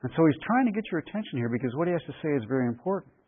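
A man preaching a verse-by-verse sermon in an emphatic, deliberate way, repeating key phrases for weight. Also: fairly high pitch, sing-song, slightly rough. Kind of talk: expository sermon. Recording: phone-like radio broadcast.

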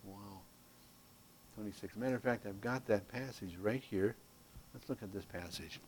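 A man teaching a Bible class from a handout, animated and folksy, with playful asides and loudness that swings from emphatic to hushed. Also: lowish voice, normal speed, slight background noise.

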